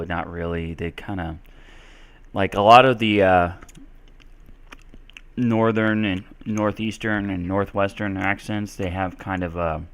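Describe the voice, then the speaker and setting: Guy teaching english on a live stream, chatty with lots of ums, lowish smooth voice. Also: a bit bright. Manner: casual, chatty, many fillers.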